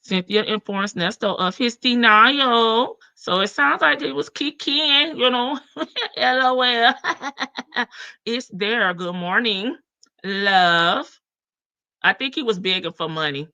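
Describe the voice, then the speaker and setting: A woman's voice: fairly high pitch, a little slow, sharp tone. A woman hosting a casual live stream, chatting and laughing with her viewers in as she reads updates. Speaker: livestream host. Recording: dull lo-fi stream audio.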